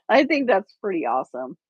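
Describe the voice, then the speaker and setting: A woman's voice: on the high side, breathy edge, dull audio. A woman hosting a livestream, chatting casually with viewers and a co-host, rambling with fillers and restarts.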